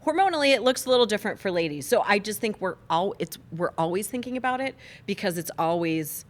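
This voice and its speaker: A woman's voice: medium pitch, expressive, fast. A woman co-hosting a podcast from a studio, chatty and teasing, laughing often. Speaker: podcast co-host. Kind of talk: casual chat.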